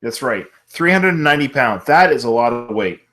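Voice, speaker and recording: A man in his thirties co-hosting a podcast, chatting casually about a film, laughing often and quoting lines with excitement. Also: mid-range voice, brisk. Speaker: podcast co-host.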